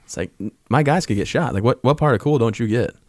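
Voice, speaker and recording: A man's voice: mid-range voice, lively intonation, a little mellow, no room sound, clean studio sound. A man in his thirties, an army veteran and podcast guest, telling stories casually and acting out the lines of people in them. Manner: fast-talking, acts out quoted dialogue in his stories. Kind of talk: casual interview storytelling.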